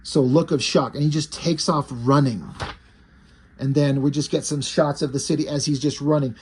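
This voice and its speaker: A man's voice: a little high, steady tone, moderate pace, slight background noise. A man casually retelling and reviewing a graphic novel, enthusiastic and loose, with the occasional swear. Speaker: comic book reviewer.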